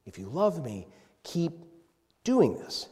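A man's voice: a little high, huge pitch swings, slow. Man preaching in an echoing hall. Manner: dynamic, swinging from loud emphasis to hushed tenderness. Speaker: pastor. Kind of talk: sermon. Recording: long reverb in a hall.

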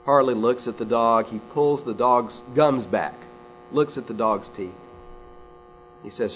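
A man's voice: mid-range voice, a little slow, long pauses, a bit bright. A man preaching a sermon, a folksy storyteller who drops conversational asides to his congregation. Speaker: pastor. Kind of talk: sermon with humorous stories. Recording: slightly dull recording with faint mains hum.

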